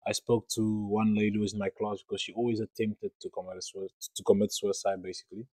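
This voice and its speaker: A man's voice: on the low side, flat delivery, fast, darkish tone, dry recording, poor audio. A young man hosting a podcast, telling a true story in an earnest, rambling way, with many fillers and repeated phrases. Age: young adult. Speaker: podcast host. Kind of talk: storytelling monologue.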